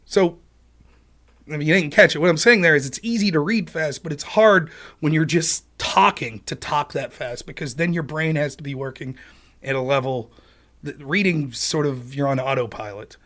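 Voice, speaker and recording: A man hosting a livestream, talking casually and profanely, sometimes bursting into sped-up rapid-fire talk. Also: fairly high pitch, fairly bright tone. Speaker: livestream host.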